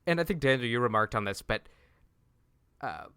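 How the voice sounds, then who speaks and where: A man's voice: mid-range voice, very animated, vocal fry, sharp tone, clear, resonant tone, no echo, studio quality. A man co-hosting a podcast, recapping scenes in casual chat and often restarting his sentences. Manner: recapping scenes at length with quick self-restarts. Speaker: podcast co-host.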